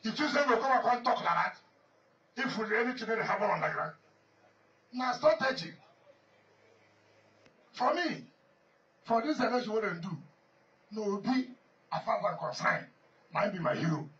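Nigerian male politician, high voice, emphatic and repetitive, off-mic and muffled with faint hiss. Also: lively intonation, normal speed, pauses often, pushed and bright, recorded from a distance. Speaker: politician addressing a gathering. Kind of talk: off-the-cuff public speech.

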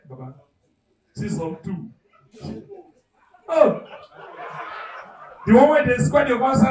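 A man with a Nigerian accent doing live stand-up comedy, animated and loud, acting out characters and shouting punchlines. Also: very high-pitched, roomy sound, recorded from a distance, rough recording. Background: audience.

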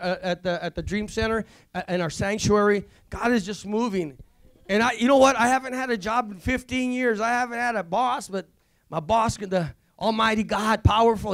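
A man, a visiting pastor, giving a rambling, excitable testimony at a church service, full of restarts. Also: extremely high pitch. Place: church sanctuary.

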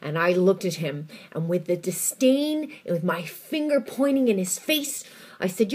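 A woman vlogger telling a personal story to camera in an expressive, emphatic way. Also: medium pitch, takes it slowly, breathy edge.

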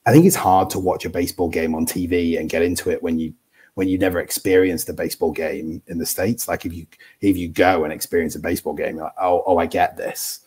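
A man's voice: low-pitched, fairly even intonation, fast, a little mellow, breathy edge. A British man in his thirties, a guest analyst on a casual podcast, talking hesitantly with many restarts. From United Kingdom.

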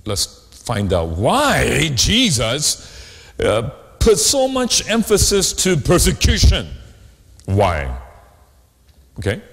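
A man preaching a sermon as pastor, animated, often asking the congregation questions. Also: fairly high pitch, takes it slowly, vocal fry, long pauses. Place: church sanctuary. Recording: long hall reverb.

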